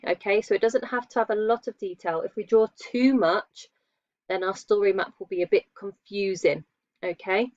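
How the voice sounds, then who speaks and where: Slow, patient woman teaching young children. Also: medium pitch, no room sound. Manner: slow, patient, asks children questions while drawing. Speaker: primary school teacher. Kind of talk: remote lesson for young children. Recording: dull lo-fi dry sound.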